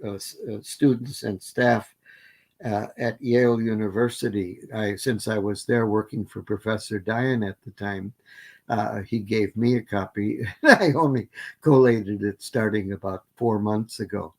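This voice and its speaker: A man's voice: fairly low pitch, fairly even intonation, a little slow, darkish tone. An older man giving an academic plenary lecture, methodically listing word forms with frequent fillers and restarts. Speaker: linguistics lecturer.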